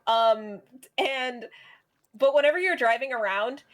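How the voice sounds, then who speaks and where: A woman's voice: fairly high pitch, animated, unhurried. Laughing woman explaining casually. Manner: laughs often while explaining. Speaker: co-streamer. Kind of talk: casual chat.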